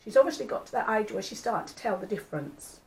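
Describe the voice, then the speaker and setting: A woman's voice: mid-range voice, lively intonation, quick pace, low-quality recording. Chatty grandmother vlogging. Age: older. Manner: chatty, homely, rambling. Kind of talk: casual chat.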